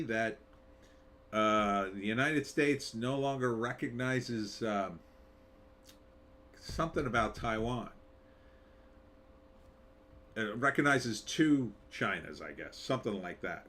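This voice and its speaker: A man's voice: medium pitch, fairly bright tone. A man hosting a live commentary show, talking in a sarcastic, rambling way with wry asides. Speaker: show host.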